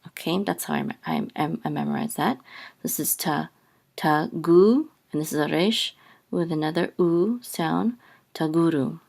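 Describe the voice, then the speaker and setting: A woman teaching a lesson step by step, pausing often with ums and sometimes singing out syllables. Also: sits low, big pitch swings, vocal fry, a little mellow. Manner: sings out chanted syllables, many ums and restarts. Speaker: Hebrew teacher.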